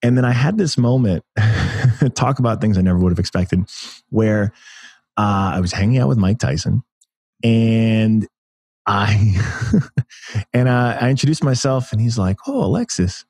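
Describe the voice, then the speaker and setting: An American man in his thirties, a podcast guest telling stories in an animated way, laughing often and restarting his sentences. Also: fairly low pitch, a little slow, pauses often, breathy edge, no room sound, clean studio sound. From United States. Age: 30s. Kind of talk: casual interview conversation.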